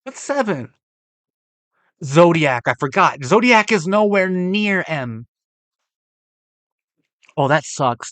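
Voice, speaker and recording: A man's voice: on the high side, big pitch swings, slow, pauses often, dry recording. Profane, exasperated young man ranting. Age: young adult. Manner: profane, exasperated, swings from loud outbursts to mutters. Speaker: film reaction vlogger. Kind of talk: ranting reaction to a movie list.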